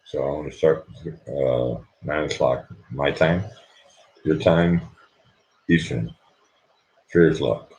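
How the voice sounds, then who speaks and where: A sleepy man hosting a late-night livestream, talking quietly and rambling so he won't wake anyone at home. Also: a bass voice, takes it slowly, long pauses, poor audio. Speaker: livestream host.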